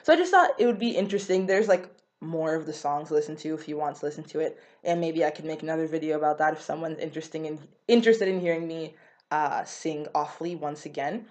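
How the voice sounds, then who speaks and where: A young woman speaks in a relaxed vlog. Her voice sits a bit low. She is chatty and rambling, with frequent fillers and quick self-corrections as she explains. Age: young adult. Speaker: vlogger.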